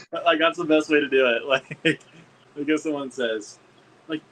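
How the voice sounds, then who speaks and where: A man streaming a casual hangout chat, excitable, swearing a lot and laughing often. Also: fairly high pitch, a little hiss or hum, low-quality recording.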